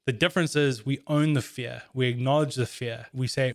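A man's voice: mid-range voice, steady tone, normal speed. A man chatting casually in an earnest, reflective way, telling stories about handling his own emotions. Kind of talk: casual chat.

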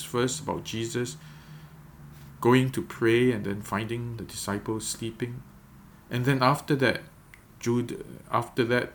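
A man leading a devotional guided meditation, gently coaching listeners step by step before reading scripture. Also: mid-range voice, slight background noise. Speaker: devotional leader.

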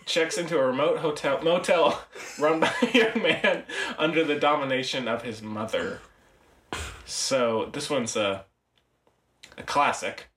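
A man's voice: on the high side, unhurried, fairly bright tone. A man co-hosting a film podcast in casual chat, rambling, correcting himself and laughing often. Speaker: podcast host. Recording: roomy, distant mic.

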